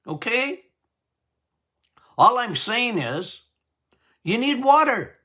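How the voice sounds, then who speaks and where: Man, podcast doctor, high voice, slow deliberate delivery, emphatic, repeats key words, jokey. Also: pushed and bright. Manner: emphatic and repetitive, drumming points home; jokey, laughs at his own lines. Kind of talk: health podcast talk.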